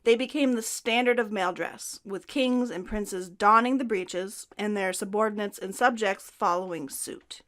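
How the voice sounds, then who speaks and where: A woman co-host reading a scripted history narration in a clear, steady way, with light asides. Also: mid-range voice, moderate pace, hardly any pauses. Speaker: podcast co-host.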